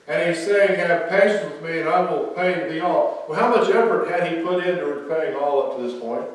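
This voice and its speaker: Man preaching in an echoey church. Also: a little high. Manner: reads scripture slowly then explains in a conversational, emphatic preaching voice. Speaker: pastor. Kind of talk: sermon. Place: church sanctuary. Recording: very echoey church sanctuary, mic at a distance.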